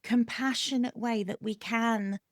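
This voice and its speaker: A woman hosts a conversational podcast interview. She speaks reflectively and earnestly, with a slightly high voice. The recording is dry and close. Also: fairly even intonation, a little slow, no echo. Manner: reflective, earnest, candid about herself. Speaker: podcast host.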